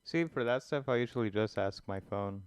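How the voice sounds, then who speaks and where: A young man in casual podcast chat, relaxed and joking between his friend's stories. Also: lowish voice, fairly quick, clear, resonant tone, dry recording, clean studio sound. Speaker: podcast co-host. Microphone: close podcast mic.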